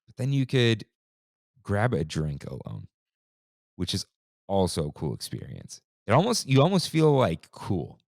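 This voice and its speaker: A laid-back man in his thirties chats easily as a podcast host, full of slang. His voice sits low but swings widely in pitch, and the recording is close and dry. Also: huge pitch swings, a little slow, vocal fry, darkish tone, dry recording. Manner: laid-back, slangy, says "dude" and "like" often. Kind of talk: casual chat.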